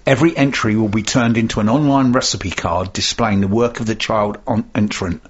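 A man with a gruff, husky voice co-hosting a radio show, reading community announcements and slowly spelling out web and email addresses. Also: fairly low pitch, fairly even intonation, dull audio. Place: radio studio. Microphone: studio microphone.

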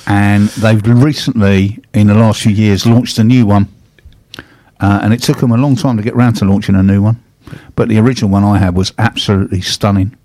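A man's voice: on the low side, steady tone, brisk, warm tone, no room sound. A man hosting a casual chat, telling rambling stories with restarts and laughs. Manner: chatty anecdotes, frequent restarts and laughs. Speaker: host.

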